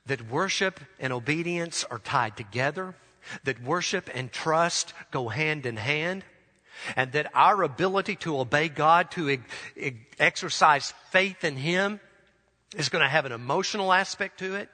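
A pastor delivers an earnest sermon in a bright, forceful voice that sits a little high. He slows down to drive a point home. A long reverb trails his words around a church sanctuary. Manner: earnest preaching, slows for emphasis.

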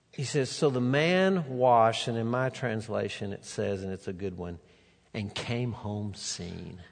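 Man preaching in an echoing church. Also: mid-range voice. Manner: animated storytelling, acting out the characters' lines. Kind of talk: sermon. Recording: long reverb of a large hall.

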